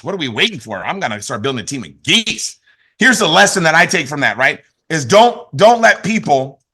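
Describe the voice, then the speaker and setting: A man giving an energetic motivational training talk to his team over a video call, with lots of repetition and "right?" tags. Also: sits high.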